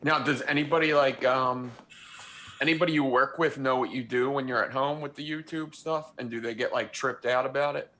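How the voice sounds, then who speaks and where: Relaxed bright-voiced male host. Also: mid-range voice, fairly quick, slight background noise. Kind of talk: casual chat on a livestream.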